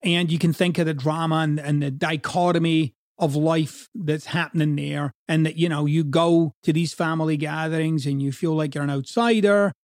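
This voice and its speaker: A man's voice: fairly high pitch, steady tone, normal speed, few pauses, darkish tone, no echo, clean studio sound. A man from Scotland with a Scottish accent, a coach giving a blunt, profane, conversational motivational talk.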